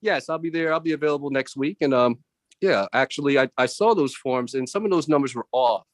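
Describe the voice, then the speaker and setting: A man doing animated stand-up comedy over a video call from home, jumping into voices of family and coworkers. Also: mid-range voice, fairly quick, no room sound, clean studio sound. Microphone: computer mic on a video call.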